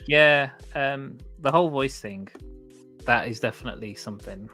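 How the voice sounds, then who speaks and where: A man in casual chat as a co-host, cheeky and animated, giggling often. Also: mid-range voice, normal speed, soft background music.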